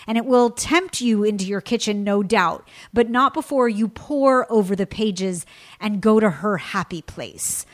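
A woman hosting a radio food show, talking in an effusive, gushing way. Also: mid-range voice.

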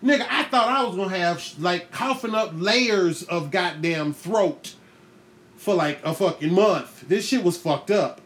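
A man hosting a podcast, telling a comic story in a profane, animated way, laughing often and acting out the voices in it. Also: sits high, unhurried, a little hiss or hum. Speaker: podcast host. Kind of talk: comedic storytelling monologue.

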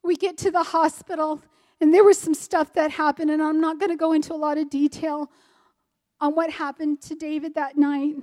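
A woman's voice: high voice, little pitch movement, normal speed, a little mellow, long reverb tail. A woman from the United States in her forties, sharing a personal testimony in an earnest, vivid storytelling way. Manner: earnest, vivid retelling that acts out dialogue. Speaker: speaker giving a personal testimony.

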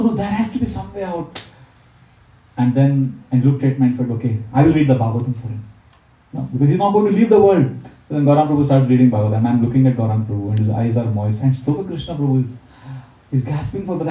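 A man's voice: medium pitch, muffled recording. A man telling stories of monastery life in a spiritual talk, acting out the people he quotes. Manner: warm anecdotal storytelling, acts out the people he quotes. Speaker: monk giving a spiritual talk. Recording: roomy, distant mic.

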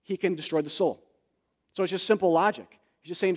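A man's voice: high voice, fairly even intonation, fairly quick. A man preaching a sermon, explaining scripture in an earnest, conversational way with frequent asides and fillers. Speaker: pastor.

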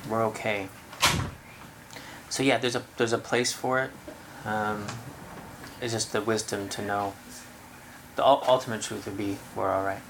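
A meditation teacher giving a relaxed, conversational dharma talk to a group of about thirty people in a room, laughing easily. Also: medium pitch, a little slow, long pauses, slight background noise, low-quality recording.

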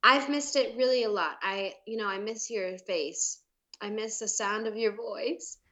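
A woman's voice: medium pitch, measured pace, pushed and bright. An American woman co-hosting a podcast over a video call, chatty, giggly and self-deprecating. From United States. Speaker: podcast co-host. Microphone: remote call microphone.

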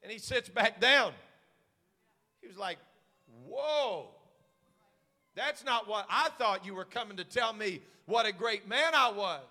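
A man pastor preaching a sermon, swinging from hushed asides to shouted, fiery passages. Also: high-pitched, normal speed, in a large hall.

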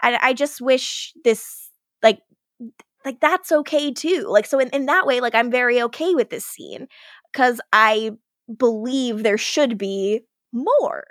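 Animated woman recapping a TV episode. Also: on the high side, no room sound, studio quality. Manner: animated retelling with quick acted-out quotes. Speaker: podcast co-host. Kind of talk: casual recap chat.

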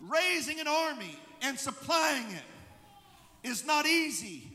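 High bright-voiced male pastor preaching, church hall reverb. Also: sing-song, takes it slowly. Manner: preaching, building to shouted emphasis. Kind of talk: sermon. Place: church sanctuary.

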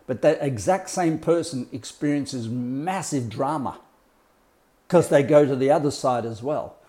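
A man's voice: mid-range voice, measured pace, warm tone. A man talking as a life coach, explaining ideas in a blunt, colourful way with swearing and mimicked sounds. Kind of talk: casual explanatory talk.

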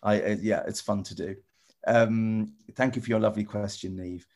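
A man presenter chatting with children in a casual video call, rambling and restarting often, gentle and encouraging. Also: on the low side, fairly even intonation, normal speed. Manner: rambling, stop-start, many repeated "you know". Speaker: TV presenter answering children's questions.

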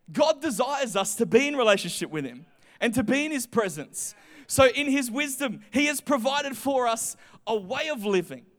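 A man in his twenties preaching a sermon, animated, swinging between quiet stretches and loud emphasis. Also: very high voice. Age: 20s.

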